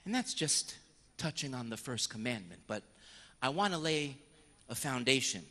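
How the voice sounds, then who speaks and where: A man preaching with a bright, forceful tone and a voice that leaps up and down in pitch. He tells his story with energy and acts out little confession scenes. The sound carries a long reverb from a large hall. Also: normal speed. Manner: animated storyteller, slipping into voices of penitents and priests. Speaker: priest. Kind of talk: lively sermon with acted-out confession dialogues.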